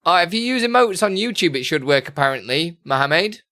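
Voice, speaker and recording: A man live-streaming, casually chatting with his viewers, reading their messages aloud and muttering to himself as he works through software settings. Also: fairly high pitch, lively intonation, a little fast, no echo, studio quality. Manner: chatty, reads chat aloud and mutters while fiddling with software. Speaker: live streamer answering chat questions.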